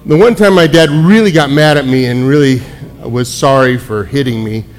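A man preaching to a congregation, telling personal stories in an animated way with frequent restarts. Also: mid-range voice, normal speed. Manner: animated storytelling, many restarts. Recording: echoey hall with long reverb.

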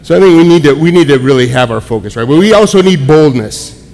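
A man preaching to a congregation, telling personal stories in an animated way with frequent restarts. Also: a little high, fast. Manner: animated storytelling, many restarts. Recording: echoey hall with long reverb.

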